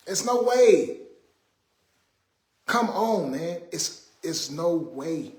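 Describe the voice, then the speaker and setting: A man's voice: on the high side, animated, extremely slow, long pauses, a little mellow. A man hosting a casual livestream, talking in an exasperated, preachy way to his viewers. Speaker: livestream host. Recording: roomy echo.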